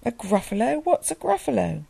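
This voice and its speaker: A woman's voice: on the high side, sing-song, moderate pace, vocal fry, dark tone, slightly rough, no room sound, voice pushed up, heavily acted. A woman voicing a sly, hungry male snake in a storybook reading, coaxing.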